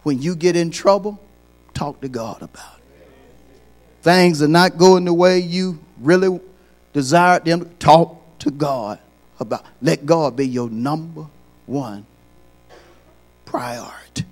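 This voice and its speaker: A man preaching a sermon as pastor, repeating his points and building from quiet lines to loud, high, shouted peaks. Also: slow pace, pauses often.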